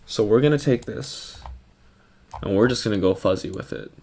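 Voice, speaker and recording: A man's voice: on the low side, normal speed, dark tone. A young man chatting casually and joking at his own expense while he draws his own avatar. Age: young adult. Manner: goofy, self-mocking rambling. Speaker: vtuber artist. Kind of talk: casual drawing commentary.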